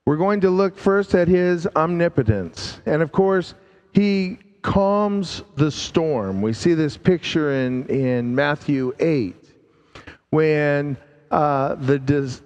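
A man preaching a sermon, slow and emphatic, drawing out key words and dropping his voice low to stress them. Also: a little mellow, in a large hall.

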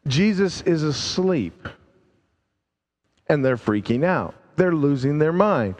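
A man preaching a sermon, slow and emphatic, drawing out key words and dropping his voice low to stress them. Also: big pitch swings, a little mellow, big-room sound.

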